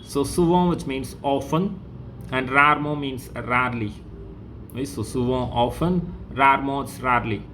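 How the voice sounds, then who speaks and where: Indian-accented male teacher, mid-pitched, patient explainer, faint hiss behind. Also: sharp tone. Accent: Indian English. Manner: explains slowly, repeats words, many okays. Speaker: French teacher. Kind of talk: classroom lesson.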